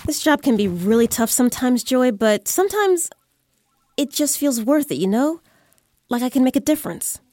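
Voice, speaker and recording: A woman voicing a young 911 dispatcher who gives calm, firm instructions. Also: high-pitched, moderate pace, no room sound, faint music behind. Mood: steady.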